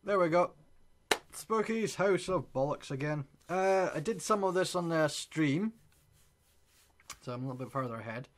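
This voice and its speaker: A young man commentating on a horror game, excitable, swearing constantly and yelping at scares. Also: on the high side, moderate pace, pauses often. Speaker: gaming video creator.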